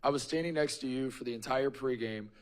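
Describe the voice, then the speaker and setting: A man's voice: mid-range voice, brisk, clean tone. A man in his thirties co-hosting a podcast, telling stories in a rambling, self-mocking way with lots of fillers. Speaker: podcast co-host. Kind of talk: casual storytelling chat.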